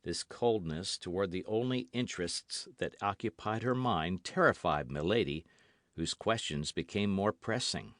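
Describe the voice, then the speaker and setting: A man narrating a classic novel as an audiobook, in an expressive, measured reading. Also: deep voice, no room sound, studio quality. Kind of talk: scripted narration.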